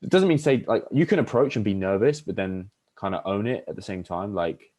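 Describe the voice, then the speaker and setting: A young man chats casually on his podcast in a low, slightly mellow voice that is brisk and expressive. He rambles, filling his speech with fillers and restarts, and acts out pickup lines.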